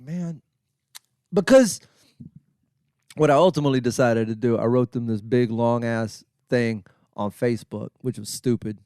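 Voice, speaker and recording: In a clear, resonant tone, a middle-aged man who hosts comedy acts out the voices in a profane, self-mocking tale, leaping up and down in pitch. The monologue is captured in a clean studio with no echo.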